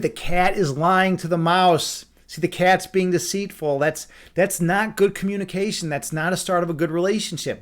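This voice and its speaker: A young man reading a fairy tale aloud on a stream, breaking off into rambling, incredulous asides. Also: high voice. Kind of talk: casual read-aloud with commentary.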